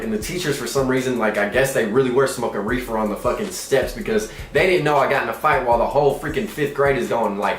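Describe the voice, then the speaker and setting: A young man tells a comic story from his own life in an animated, profane way, jumping into quoted lines in different voices. His voice sits mid-range and the room around him echoes. Faint music plays underneath. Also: medium pitch.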